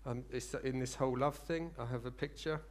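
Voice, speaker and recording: A man preaching a sermon, earnest and rambling, rising into fervent excitement. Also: medium pitch, brisk.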